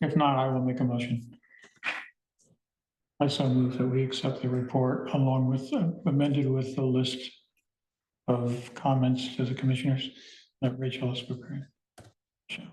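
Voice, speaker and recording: A man on a county committee, making motions and cracking jokes in a brisk way. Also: mid-range voice, level tone, a little mellow. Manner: joking, brisk. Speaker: committee member. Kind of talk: public meeting discussion. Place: county meeting room. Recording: echoey meeting room.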